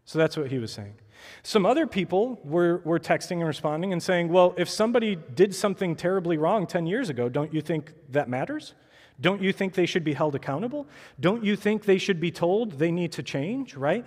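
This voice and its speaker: High-voiced pastor in a reverberant church. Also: male voice, animated, fairly quick, a little mellow. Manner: conversational preaching, acts out quoted voices. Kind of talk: sermon. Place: church sanctuary. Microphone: clip-on mic. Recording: long church hall reverb.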